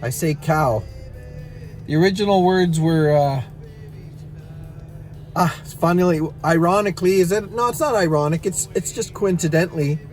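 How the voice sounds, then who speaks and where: A man's voice: on the high side, moderate pace, pauses often, darkish tone, soft background music. A middle-aged man in back pain, casually telling viewers a rambling, self-mocking story and chuckling at his own jokes. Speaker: vlogger and songwriter.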